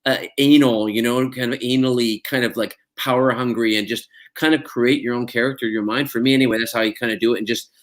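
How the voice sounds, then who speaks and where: A man's voice: mid-range voice, fairly even intonation, quick pace, hardly any pauses. A man, an actor guest in an interview, chatting casually with plenty of fillers and restarts and frequent laughs. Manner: rambling, many fillers and restarts, laughs often.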